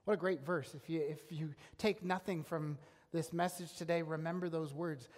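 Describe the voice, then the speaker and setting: A pastor with a high voice preaches earnestly and emphatically at a moderate pace, often circling back to restart a phrase. A long reverb makes his words ring out as if in a large church sanctuary.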